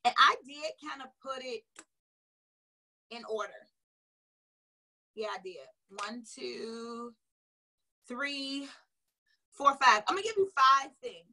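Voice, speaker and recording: A woman delivers a motivational coaching talk in a bright, sharp tone with a slightly husky edge. She is casual and chatty, stressing each point and repeating phrases for emphasis. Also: sits high, slow pace, pauses often, poor audio. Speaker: sales coach.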